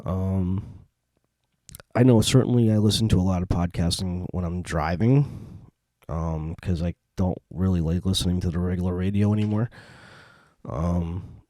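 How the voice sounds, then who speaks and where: A man hosting a solo podcast, chatting in a relaxed, rambling way with many fillers. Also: sits low, normal speed, dry recording. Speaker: podcast host. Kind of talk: casual solo podcast talk. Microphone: home podcast mic.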